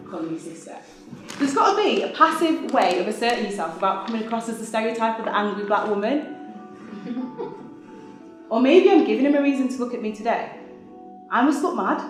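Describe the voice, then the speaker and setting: Woman doing a solo stage monologue, wry and chatty, really echoey theatre, bit of music. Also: a little high. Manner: wry, lively storytelling with laughs.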